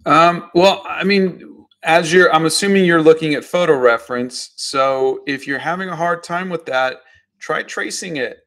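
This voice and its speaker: A man's voice: on the high side, moderate pace, a bit bright. A man hosting a live painting stream, casually answering viewer questions with art advice. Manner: easygoing, gives drawing advice. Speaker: artist host.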